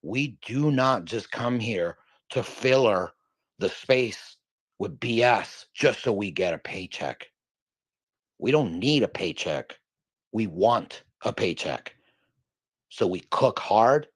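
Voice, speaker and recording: A man's voice: lowish voice, slightly rough, no room sound. A man hosting a livestream, talking in a boastful, rambling, emphatic way. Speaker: livestream host. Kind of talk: hyped casual stream talk.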